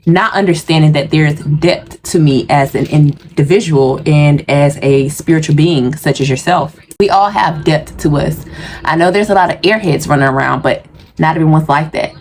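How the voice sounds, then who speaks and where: A woman hosts her own video channel in a loose, dramatic monologue. She is outspoken and quick to curse, jumping from self-affirmation to complaints. Her voice sits slightly on the low side for a woman. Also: a little hiss or hum. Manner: dramatic, profane, animated. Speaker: YouTube host. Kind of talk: casual vlog monologue.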